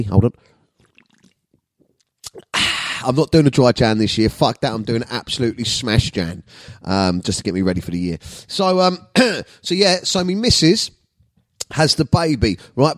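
A man's voice: medium pitch, no echo, studio quality. A man, hosting his comedy podcast in a sweary, boisterous monologue.

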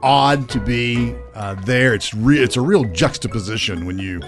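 A man in his sixties hosting a radio morning show, with playful, animated banter. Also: medium pitch, normal speed, over music.

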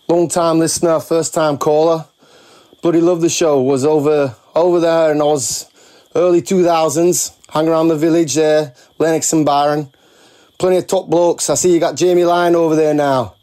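A man's voice: a little high, fairly even intonation, normal speed, mellow. A man from England, leaving a chatty, blokey call-in message in short clipped phrases. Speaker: caller.

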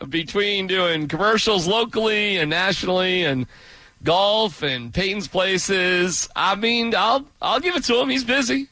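A man co-hosting a sports radio show, talking in a sarcastic, rambling, animated way. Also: high-pitched, a little slow, no echo. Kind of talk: casual sports radio banter.

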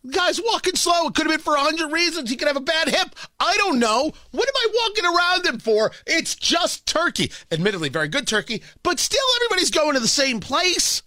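A middle-aged man from the New York and New Jersey area, a radio host telling a self-mocking story in an animated way. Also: very high voice, a little fast, few pauses, no echo, clean studio sound. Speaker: radio talk show host. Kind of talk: radio monologue.

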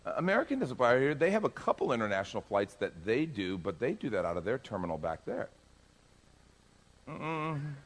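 A man, a pastor, telling a lively personal story during a sermon and acting out the dialogue. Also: medium pitch, fast talker. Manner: animated, acts out dialogue in the story. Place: church.

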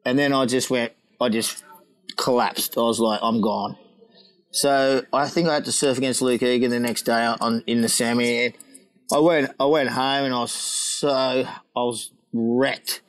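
A middle-aged man with an ordinary-pitched voice recounts a boozy surfing tale. He laughs often and slips into quoted voices as he goes, in a loose, casual storytelling way. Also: flat delivery, moderate pace, rough recording. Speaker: guest, former pro surfer. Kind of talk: casual anecdote telling.

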